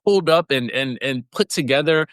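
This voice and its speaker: A man co-hosting a podcast, telling stories in an animated, expressive way during a casual chat. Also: medium pitch, normal speed, no echo, clean studio sound. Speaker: podcast co-host.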